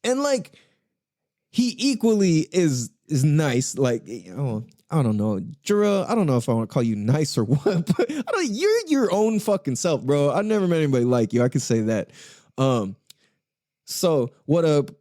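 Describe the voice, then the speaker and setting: A man's voice: a little high, sing-song, normal speed, mellow, dry recording, clean studio sound. A man hosting a podcast on his own, rambling in a casual, profane way, with frequent laughs. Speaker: podcast host. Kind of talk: casual solo podcast monologue.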